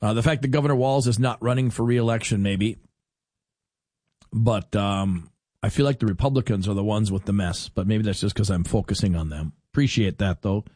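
A man's voice: lowish voice, a little fast, darkish tone, no room sound, studio quality. A man hosting a talk radio show, chatting casually and rambling as he reads listener texts aloud.

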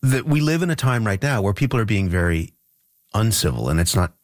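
Deep-voiced male interviewer, dry sound. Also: very animated, a little mellow, no echo. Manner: measured, probing, with repeated words. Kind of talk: interview questions.

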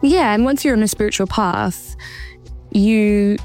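A woman giving earnest, measured interview answers about a hard personal experience. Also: mid-range voice, darkish tone, soft background music. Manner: earnest, measured, acts out quoted voices. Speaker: interview guest, survivor telling her story.

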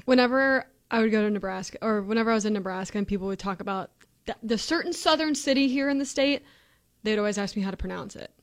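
A woman's voice: mid-range voice, quick pace. A woman on a radio talk show panel with a mid-range voice. She chats casually and tells little stories. She speaks into a studio mic.

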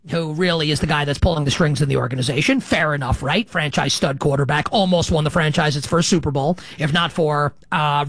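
A man's voice: a little high, fairly bright tone, dry recording. A middle-aged man hosting a sports betting show, talking in a rambling, self-correcting, conversational way. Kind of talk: casual sports talk monologue.

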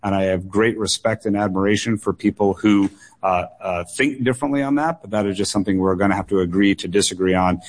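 A man with a slightly low voice answers questions as a political candidate on call-in radio. He speaks earnestly and in measured phrases, and he often doubles words and leans on fillers as he works through a point. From United States.

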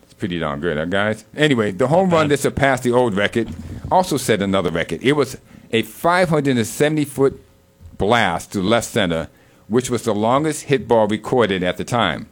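A man co-hosting a casual show, telling a joke and reading sports history in an unhurried storytelling manner. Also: mid-range voice, very animated.

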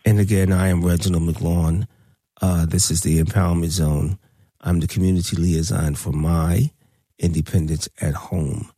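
A man's voice: steady tone, normal speed, dark tone, dry recording, clean studio sound. A man hosting a community talk radio show, speaking bluntly and preachily. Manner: blunt, preachy, rises high when worked up.

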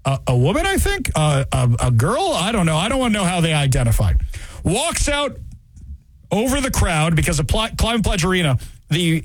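Sarcastic high-voiced male talk host. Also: no echo. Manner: sarcastic, mocking, animated. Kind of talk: opinionated commentary monologue.

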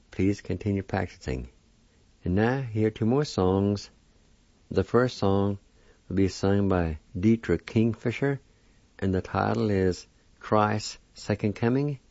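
A man teaching a language lesson on a dull lo-fi recording, sounding out each syllable slowly and deliberately. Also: lowish voice, dark tone, no echo. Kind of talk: spelling and pronunciation lesson.

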